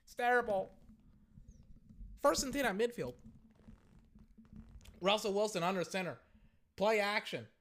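A young man hosts a casual podcast and calls the game play by play, his voice high and bright. He reacts with slangy excitement at the big plays. His voice is wearing hoarse. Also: normal speed, long pauses. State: voice going hoarse. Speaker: podcast host.

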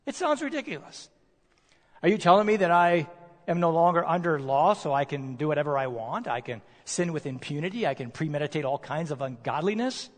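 A male preacher delivering a sermon, emphatic, posing rhetorical questions and slowing down to stress key words. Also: fairly high pitch, animated. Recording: long reverb of a large hall.

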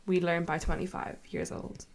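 A woman's voice: fairly low pitch, level tone, moderate pace, a little hiss or hum. Twenties woman, podcast host; giggly, rambling casual chatter. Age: 20s. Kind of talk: casual chat.

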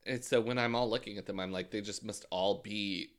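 A man co-hosting a casual podcast chat, talking in an expressive, teasing way. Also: on the low side, brisk. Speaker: podcast co-host. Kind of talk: casual chat recapping a reality show.

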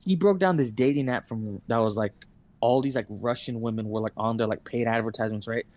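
A man's voice: mid-range voice, brisk, darkish tone, no echo. Young male podcast co-host, casual storyteller, heavy cursing. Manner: rambling storyteller, heavy swearing and fillers. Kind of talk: casual chat.

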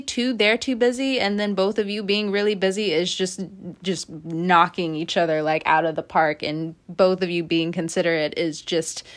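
Animated swearing woman tarot reader. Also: mid-range voice. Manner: animated, swearing, laughs at herself. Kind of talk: casual tarot reading to camera.

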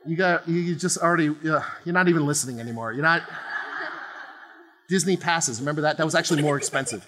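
A high, bright-voiced male pastor in his forties speaks to a congregation in a loose, joking sermon style. He keeps checking in with "okay?" and breaks into quick laughs. His voice rings with the long reverb of a big church auditorium. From New Jersey.

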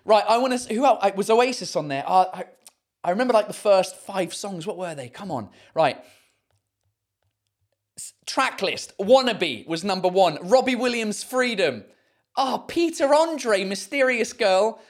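A man's voice: sits high, expressive, measured pace. A man from England, a comedian, chatting casually on a livestream, rambling and self-mocking as he reads viewer comments. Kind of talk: casual live chat reading comments.

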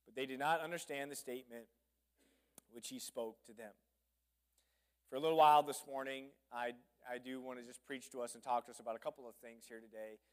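A man's voice: mid-range voice, steady tone, a little fast, clear, resonant tone. A male pastor preaching a sermon, reading scripture and adding humorous, conversational asides.

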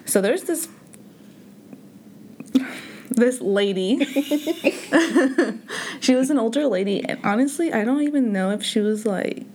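A woman's voice: fairly high pitch, expressive, slow pace, long pauses, a little mellow. Chatty young woman telling a story. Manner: storytelling with many likes and restarts. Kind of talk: casual chat.

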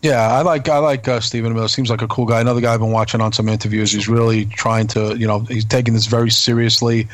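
A man co-hosting a wrestling podcast talks quickly in casual chat. He hedges and restarts his sentences often, and the sound is close and dry. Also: medium pitch, level tone, dry recording. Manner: hesitant, many restarts and fillers. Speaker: podcast co-host.

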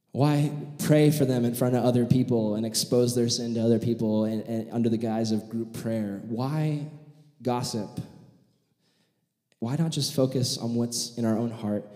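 A man preaching a sermon, telling a vivid story and acting out the voices of its characters in an animated way. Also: medium pitch. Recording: echoey hall with long reverb.

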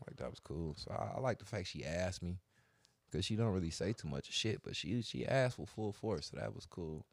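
A man's voice: sits low, brisk, dry recording. A middle-aged man telling stories in casual, slangy, profane chat. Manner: laid-back storytelling, slangy and profane.

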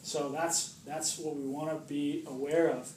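A man's voice: fairly high pitch, level tone, unhurried, darkish tone. A man giving an informal sermon to a small group, chatty and joking, asking "right?" often. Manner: chatty, jokes and acts out voices, asks "right?" often. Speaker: preacher. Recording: roomy distant recording with background noise.

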